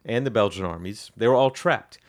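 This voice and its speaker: A man with a fairly low voice co-hosts a history podcast, walking through events in a relaxed, conversational way. He rambles a little, filling pauses with ums and restarting his sentences as he goes. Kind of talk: casual explanatory history chat.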